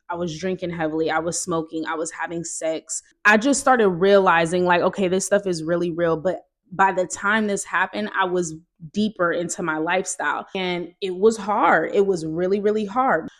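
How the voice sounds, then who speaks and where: A young woman vlogger sharing a personal testimony in a casual, animated storytelling way, talking straight to her viewers. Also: lowish voice.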